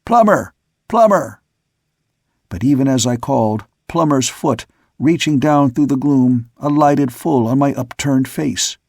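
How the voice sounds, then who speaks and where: Gravelly male audiobook narrator. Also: mid-range voice, fairly even intonation, a little mellow, no echo, clean studio sound. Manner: measured storytelling. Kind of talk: scripted narration.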